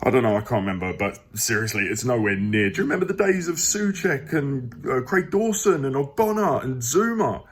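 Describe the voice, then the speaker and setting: A man's voice: medium pitch, big pitch swings, fairly quick, hardly any pauses, slightly rough. A man reviewing a football match on his phone at home, rambling and exasperated, with emphatic outbursts. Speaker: football fan channel host. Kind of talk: casual match review to camera.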